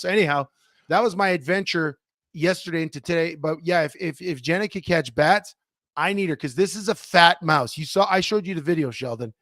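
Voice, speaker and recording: A man co-hosting a casual podcast, with a slightly high voice. He rambles and restarts as he tells a story. The sound is close and dry, with no room in it. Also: fast talker, no echo. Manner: animated, rambling, self-interrupting. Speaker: podcast co-host.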